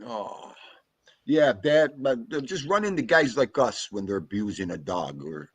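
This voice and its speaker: A man's voice: mid-range voice, unhurried, breathy edge, dry recording. A man hosting a casual chat, telling dog stories in an emphatic, slangy way. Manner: animated, emphatic storytelling with street slang. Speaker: host.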